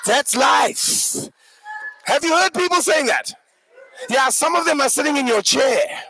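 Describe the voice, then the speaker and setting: A man giving a live motivational workshop talk, an animated, joking storyteller who addresses the audience directly. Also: very high-pitched, moderate pace, low-quality recording. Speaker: workshop speaker.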